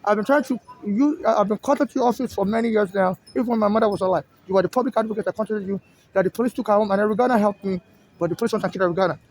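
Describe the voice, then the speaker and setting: A man's voice: high-pitched, very fast, darkish tone, slight background noise, poor audio. A man with a Nigerian accent, from Nigeria, talking outdoors in an agitated, repetitive complaint that he aims straight at an official. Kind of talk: direct-to-camera complaint. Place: outdoors in a city.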